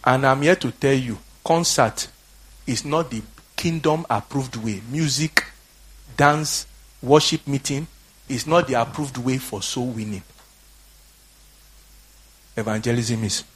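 A Nigerian man preaching a fiery, exhorting sermon that swings from quiet talk to shouting. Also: mid-range voice, unhurried, pauses often, husky. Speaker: pastor.

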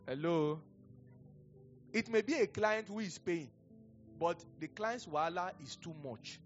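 Faint music sits under a dull, lo-fi recording of a middle-aged Nigerian-accented pastor whose voice is high and expressive, his pace a little slow. He preaches in a chatty, meandering style, breaking off to tell stories and chuckle.

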